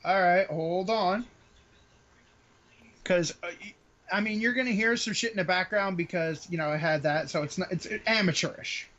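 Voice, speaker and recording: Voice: medium pitch, moderate pace, a bit bright. A podcast co-host in casual live-stream chat, ranting with exasperation and plenty of swearing. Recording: dull lo-fi audio.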